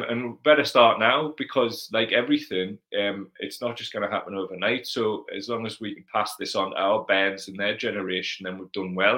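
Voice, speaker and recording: A Geordie man chats through a casual livestream Q&A in a lowish voice with a bright, forceful edge. He is blunt and sweary, reading out viewer comments and answering them straight. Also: rough recording. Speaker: livestream host.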